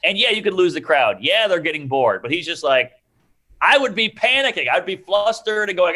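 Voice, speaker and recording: A man with a fairly high speaking voice that has a bright, sharp edge. He is a stand-up comedian in his thirties talking casually as a podcast guest. He jumps into quoted voices as he tells stories. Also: normal speed. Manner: animated, acts out quoted voices.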